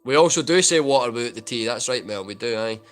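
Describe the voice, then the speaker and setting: Chatty Scottish man, bright voice. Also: medium pitch, lively intonation, fast talker. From Scotland. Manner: joking, chatty, reads and answers viewer comments. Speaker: livestream host answering chat. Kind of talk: casual livestream Q&A.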